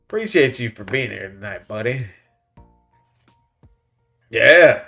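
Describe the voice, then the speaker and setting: A man's voice: mid-range voice, expressive, slow pace, vocal fry, sharp tone, faint music behind. Laid-back man chatting on a livestream. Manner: laid-back, chuckles often, says "man" and "buddy" a lot. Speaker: livestream host reading chat. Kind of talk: casual live-stream chat.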